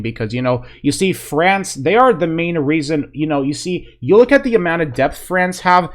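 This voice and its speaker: A man giving a casual, rambling football reaction, excitable and full of fillers like "man" and "you know". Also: fairly high pitch. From Polish fan. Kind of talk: casual video reaction commentary.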